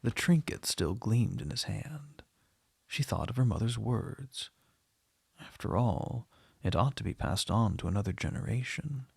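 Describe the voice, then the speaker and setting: A man with a husky, gravelly voice reading a short story aloud in a measured, unhurried way. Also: mid-range voice, animated, darkish tone, no echo. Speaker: reader.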